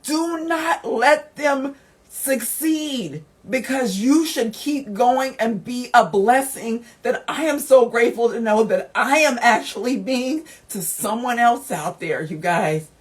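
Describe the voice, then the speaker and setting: A woman's voice: on the high side, measured pace, few pauses. A woman hosting a motivational podcast, speaking straight to her listeners in an encouraging, heartfelt way. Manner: emotional, laughing through tears. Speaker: podcast host.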